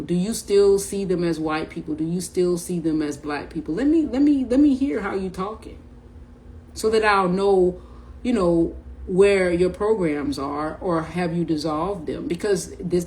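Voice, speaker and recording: A middle-aged woman speaking into her camera in a somewhat low voice. She rambles loosely, using slang and repeating words as she works out each thought. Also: a little mellow, slight background noise, low-quality recording. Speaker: spiritual vlogger. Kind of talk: casual spiritual talk to camera.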